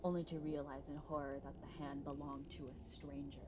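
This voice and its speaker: A woman's voice: sits low, level tone, a little fast. A young woman reading a visual novel aloud on a stream, cutting in with joking, swearing asides, heard over a dull, noisy home mic. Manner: joking, swearing asides between read lines. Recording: dull lo-fi mic with background noise.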